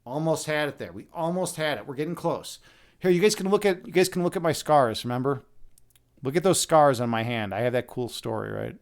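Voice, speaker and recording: A man's voice: a little high, expressive, brisk. A man hosting a live stream, chatting casually and playfully with viewers, often repeating and restarting his words, speaking close to the microphone. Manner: playful, laughs at himself.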